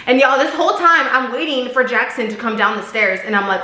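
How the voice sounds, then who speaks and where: A woman's voice: fairly high pitch, expressive, a little fast, pushed and bright. A young woman vlogger telling a dating story in a casual, slangy way, talking straight to her viewers. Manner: chatty, slangy, addresses viewers as y'all. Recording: roomy echo.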